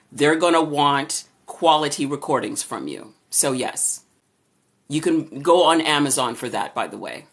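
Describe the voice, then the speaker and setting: Upbeat, chatty woman with a low voice. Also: fairly bright tone. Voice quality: low-registering voice. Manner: chatty and upbeat, greets viewers by name. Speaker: voice-over artist hosting a live Q&A. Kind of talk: casual live-stream chat answering viewer questions. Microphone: camera or phone for a live stream.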